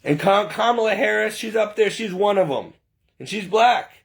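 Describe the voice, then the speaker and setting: High, gravelly man ranting. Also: expressive, moderate pace. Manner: preachy, indignant, rhetorical questions. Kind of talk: impassioned political monologue.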